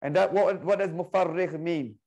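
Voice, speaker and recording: Guy teaching arabic over a video call, fairly high voice, teasing his students along. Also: creaky, a little mellow. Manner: playful, coaxing students, slow repeated explanations. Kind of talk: online class teaching.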